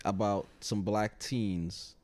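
A man's voice: lowish voice, steady tone, takes it slowly, a little mellow. Laid-back man telling stories. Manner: storytelling, laughs, does funny voices. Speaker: podcast co-host. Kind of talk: casual chat.

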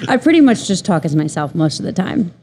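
Chatty woman audiobook narrator, low voice. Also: sing-song, fast talker, noisy background. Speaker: audiobook narrator, interview guest. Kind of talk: casual interview answers.

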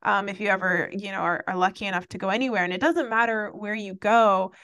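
Bright, giggly Canadian woman co-host. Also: mid-range voice, steady tone, fast, dry recording, clean studio sound. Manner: giggly, with lots of fillers. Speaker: podcast co-host. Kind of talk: casual chat.

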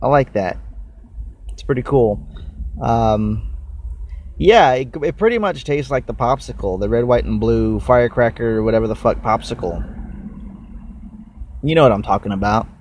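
Speaking at a moderate pace with long pauses, this medium-pitched, darkish-toned young man runs a solo podcast. He's casual and rambling, cursing freely while eating into the microphone.

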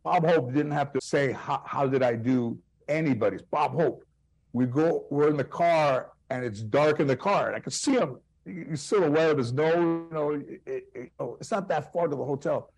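A man with a Chicano English accent, a comedian guest telling animated anecdotes full of quoted voices and restarts. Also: on the high side, normal speed. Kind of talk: storytelling interview.

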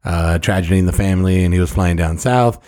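A man's voice: sits low, fast, darkish tone. A man co-hosting a podcast, telling stories with frequent laughs, swearing and Spanish phrases. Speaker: podcast co-host. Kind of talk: casual storytelling chat.

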